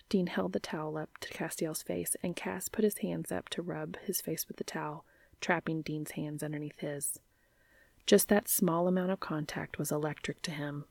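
Woman, reading a story aloud, half-whispered, low, gravelly. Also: level tone, normal speed, no echo. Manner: soft, half-whispered narration. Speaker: reader.

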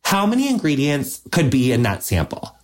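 A woman's voice: a bass voice, wildly swooping pitch, normal speed. A woman hosting a podcast, chatting casually and gushing, filling her talk with "like" and the odd swear word. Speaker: podcast host. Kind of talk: casual interview chat.

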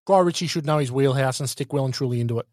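A man's voice: mid-range voice, very fast, darkish tone, no echo, clean studio sound. A man co-hosting a podcast, chatting and bantering about films. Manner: banter, jokey interjections. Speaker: podcast co-host. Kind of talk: casual film review chat.

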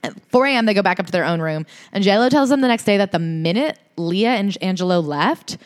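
A woman's voice: medium pitch, quick pace. Woman retelling a story on a podcast. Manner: animated storytelling with acted-out quotes, casual swearing. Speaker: podcast co-host. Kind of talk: casual chat, book recap.

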